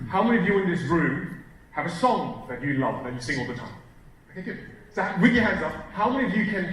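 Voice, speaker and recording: Man, communication coach, slightly high voice, big echoing hall, distant mic, faint hiss. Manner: animated, shifts volume and pace for emphasis. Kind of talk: live seminar talk to an audience. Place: stage in a large hall.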